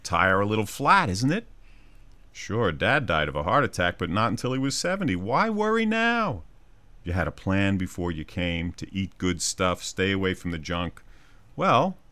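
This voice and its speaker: In a low voice recorded without echo, a male psychologist hosts a brief scripted radio segment. He vividly tells an everyday scene, voicing small quoted characters along the way.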